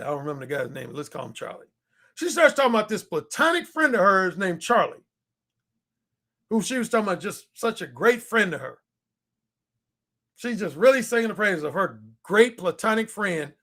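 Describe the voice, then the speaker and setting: A man telling a story in a casual monologue, animated and repetitive, acting out the quotes. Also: sits high. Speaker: dating commentator.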